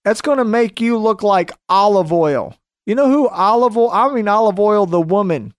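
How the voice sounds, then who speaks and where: A man's voice: high-pitched, lively intonation, normal speed, clear, resonant tone, no echo, clean studio sound. A man hosting a radio show, delivering an emphatic, repetitive ranting monologue.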